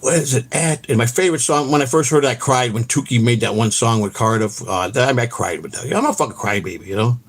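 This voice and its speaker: A man hosting a livestream, rambling through stories in a profane, excitable way. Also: medium pitch, fast talker, few pauses, breathy edge. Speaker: host. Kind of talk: casual rambling livestream chat.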